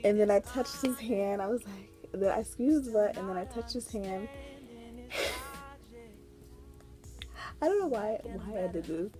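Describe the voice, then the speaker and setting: A woman's voice: mid-range voice, unhurried, pauses often, mellow, soft background music. A young woman telling a story on her vlog in a rambling, chatty way, full of fillers and giggles. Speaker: vlogger. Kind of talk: casual storytime chat.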